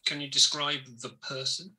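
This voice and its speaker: A man playing a tabletop game, brisk and questioning. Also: fairly high pitch, level tone, bright, forceful tone. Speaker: player. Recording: noisy call line.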